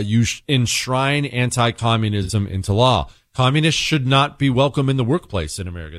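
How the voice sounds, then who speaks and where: A man's voice: fairly low pitch, dry recording. A man hosting a talk radio show, delivering an opinionated monologue in a blunt, emphatic and sarcastic way into a close studio mic.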